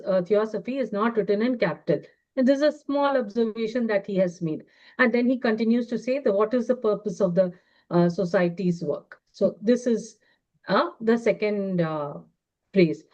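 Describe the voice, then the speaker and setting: A woman's voice: a little high, a little mellow. Woman teaching a study class, lo-fi. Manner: measured, reads quotations aloud, then explains them with frequent pauses and fillers. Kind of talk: reading and explaining texts in a study class. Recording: dull lo-fi recording.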